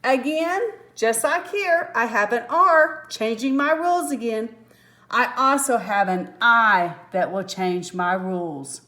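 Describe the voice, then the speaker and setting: A woman teacher slowly walking through a phonics lesson, patient and step by step, with small apologetic asides. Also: on the high side, sharp tone.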